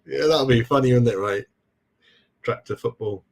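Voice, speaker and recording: A man's voice: medium pitch, normal speed, vocal fry. A middle-aged man chatting casually on a live fan stream, calling everyone "mate" as he goes. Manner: chatty, says "mate" a lot. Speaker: fan channel host.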